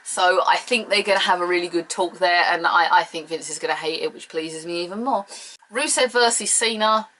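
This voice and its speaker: Bright-voiced, blunt British woman. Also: lowish voice, a little fast, rough recording. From United Kingdom. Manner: blunt, sarcastic and opinionated. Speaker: show reviewer. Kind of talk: casual solo review.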